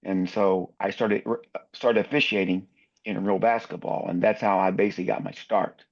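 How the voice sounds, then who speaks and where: A man's voice: sits low, fairly even intonation, normal speed, lo-fi sound. A man in his sixties, a basketball referee, telling anecdotes in a podcast interview and acting out other people's lines.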